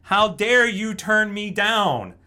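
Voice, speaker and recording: A man voicing a drunk woman on a date, indignant and shouting. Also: sits high, expressive, slow pace, clean tone, voice pushed up, heavily acted. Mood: furious.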